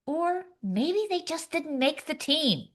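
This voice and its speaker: A woman's voice: sits high, sing-song, slow. A woman co-hosting a comedy podcast, sarcastic and acting out screaming parents in her jokes. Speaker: podcast co-host.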